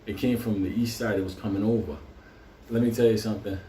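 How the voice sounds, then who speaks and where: A man's voice: on the low side, fairly even intonation, fast talker, dark tone, a little hiss or hum. A man telling a long profane anecdote, often breaking into laughter. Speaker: vlogger. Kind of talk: casual storytelling. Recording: roomy sound, mic at a distance.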